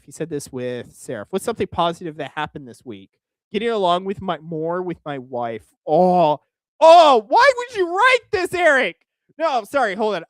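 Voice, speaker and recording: Streaming casual reaction commentary, a young Oklahoma man sounds crude and exasperated, tripping over restarts as his fairly high voice swoops around. The sound is close and dry, with no room sound.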